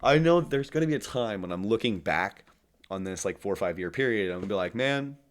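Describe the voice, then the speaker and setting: A young man who is a podcast guest, talking in a rambling, animated way with lots of fillers. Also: low voice, fast. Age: young adult. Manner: rambling, heavy use of fillers, animated storyteller. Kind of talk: casual interview chat.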